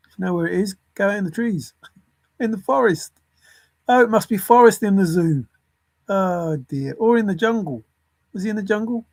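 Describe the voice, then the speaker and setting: A man's voice: high voice, gravelly, darkish tone, husky, no echo. A man rambling alone through lists of words and clues, chuckling to himself as he thinks aloud. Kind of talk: rambling solo puzzle musing.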